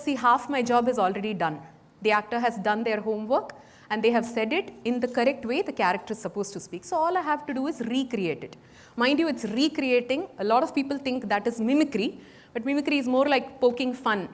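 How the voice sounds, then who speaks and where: A woman with a Tamil Indian English accent, giving an animated conference talk on voice acting, explaining with examples. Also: fairly high pitch. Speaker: voice artist giving a keynote talk. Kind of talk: conference speech with demonstrations. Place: conference hall stage.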